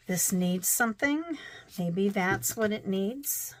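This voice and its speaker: A woman's voice: lowish voice, a little slow. A woman narrating her crafting casually, thinking aloud with chatty, self-deprecating asides.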